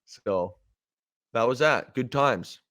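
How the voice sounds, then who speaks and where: A mid-pitched man in his thirties from Canada hosts a casual sports podcast. He tells stories in an animated way, jumping into quoted lines and swearing casually. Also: takes it slowly. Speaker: podcast host, former player.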